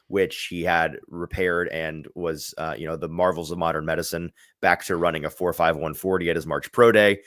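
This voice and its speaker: A man's voice: deep voice, fairly bright tone, no room sound, studio quality. A man hosting a sports podcast, talking through football analysis in a thoughtful, rambling way with frequent restarts.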